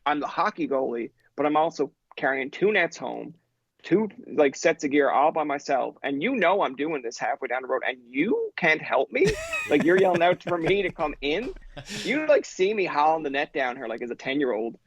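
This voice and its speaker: A man from Newfoundland in his thirties, a podcast guest telling stories in an animated, profane way and acting out the people in them. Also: on the high side, normal speed, slightly rough, no room sound, muffled recording. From Newfoundland, Canada. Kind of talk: casual storytelling chat.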